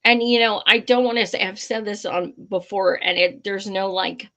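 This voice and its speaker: A woman's voice: mid-range voice, steady tone, moderate pace, fairly bright tone. A woman hosting a live commentary stream, impassioned and blunt, swearing freely. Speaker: livestream host.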